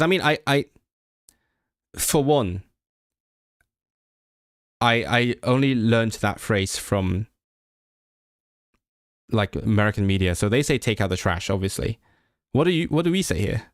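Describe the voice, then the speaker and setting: A man's voice: medium pitch, no room sound, clean studio sound. A young man whose first language is not English, chatting casually on a livestream. He laughs at himself often and restarts his sentences with stammers.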